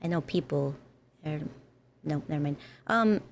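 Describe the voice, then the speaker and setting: A woman chatting casually on a livestream, talkative and quick to giggle. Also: low-pitched, slight background noise. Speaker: livestream co-host. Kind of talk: casual chat.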